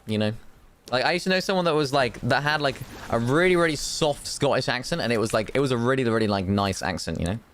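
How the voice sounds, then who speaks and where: A man's voice: mid-range voice, animated, fast, a bit bright, a little hiss or hum. A young man from Europe chatting casually as he hosts a live stream watch party, rambling with many fillers and restarts.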